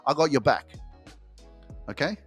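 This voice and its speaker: A young man hosting a podcast, giving a profane, pumped-up motivational pep talk that swings from quiet to loud. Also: mid-range voice, fairly quick, soft background music. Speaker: podcast host and speaking coach.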